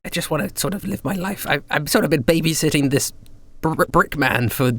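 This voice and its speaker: A man doing a put-upon tailor voice, raised pitch, pleading, dry sound. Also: fairly quick, a bit bright, dry recording. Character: weary young male tailor stuck impersonating another.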